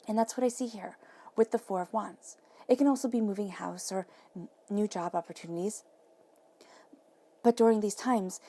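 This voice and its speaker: Earnest female tarot reader, warm low tone with some fry, speaks right to the viewer. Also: steady tone, normal speed. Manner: earnest, encouraging, talks straight to the viewer. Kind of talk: tarot reading monologue.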